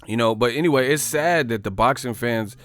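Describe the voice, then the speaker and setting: A man's voice: medium pitch, fairly quick, a bit bright, no echo, soft background music. A man from the Bay Area hosting a livestream, riffing in casual, profane slang. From San Francisco Bay Area. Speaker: livestream host.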